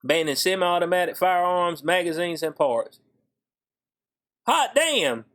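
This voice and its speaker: A man giving casual vlog commentary, animated and slangy, swinging from high incredulous exclamations to low muttered asides. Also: unhurried. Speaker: YouTube commentator.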